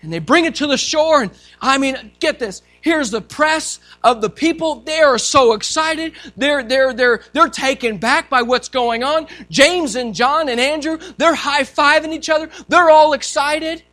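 A male pastor preaching a sermon, telling a story in an animated way and acting out quotes and sounds. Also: extremely high pitch, moderate pace.

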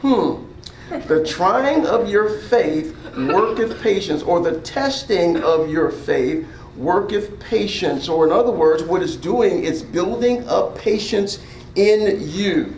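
A man's voice: high-pitched, expressive, slow, darkish tone, echoey room, a little hiss or hum, poor audio. A man preaching an interactive sermon as pastor, asking the congregation questions and drawing call-and-response. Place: church hall.

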